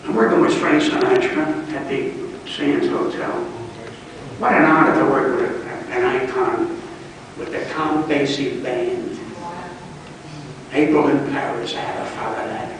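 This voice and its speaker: A blunt old man in his eighties rants through comic stories, his fairly high voice jumping from shouts to mutters. He is heard from a distance in a very echoey room, with faint noise behind him. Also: expressive, measured pace, pauses often. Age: 80s. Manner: blunt, ranting, swings between shouting and muttering. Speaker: comedian. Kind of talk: comic storytelling to a live room. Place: large echoey club room.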